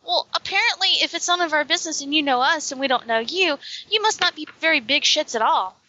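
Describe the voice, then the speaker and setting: A woman voicing a cheeky, sharp-tongued young runner who asks pointed, sassy questions, on a dull recording. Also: sits high, expressive, fast, slight background noise, voice pushed up.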